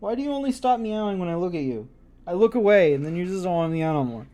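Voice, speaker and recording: A man reads a gothic story aloud on a live stream in a casual, animated way. His pitch sits somewhat high and jumps around a lot. He keeps breaking off to joke around between passages. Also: fast talker. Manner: animated, joking asides.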